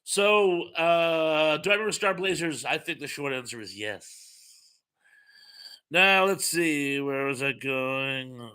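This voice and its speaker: A man's voice: fairly high pitch, expressive, takes it slowly, bright, forceful tone, smooth. A man in his fifties hosting a casual live chat, reading viewer comments aloud and chatting between them with plenty of fillers. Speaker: host.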